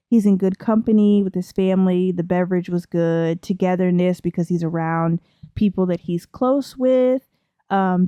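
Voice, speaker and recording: This young woman's let's play of a life-simulation game is casual and playful, with lots of laughing and chatter. She has a mid-range, dark voice with a clean tone and no room sound.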